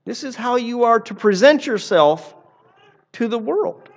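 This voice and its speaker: A man's voice: very high-pitched, expressive, measured pace. A man preaching a sermon in an earnest, emphatic way, often repeating phrases for emphasis. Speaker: pastor.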